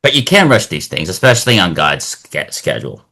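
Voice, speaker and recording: A young man chatting as a podcast guest in a lively, animated way. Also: sits low, brisk, gravelly. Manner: animated, acts out quoted voices. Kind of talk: casual chat.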